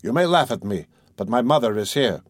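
A man's voice: medium pitch, big pitch swings, a little fast, no room sound, clean studio sound. A man voicing a tense, evasive young student who talks hesitantly and anxiously. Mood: nervous. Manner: hesitant, anxious, fake-casual.

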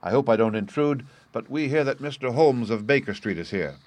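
A man's voice: medium pitch, expressive, a little fast, a little mellow, no room sound, lightly acted. A man voicing a keen young police inspector who reports details in a polite, businesslike way, in an audiobook reading.

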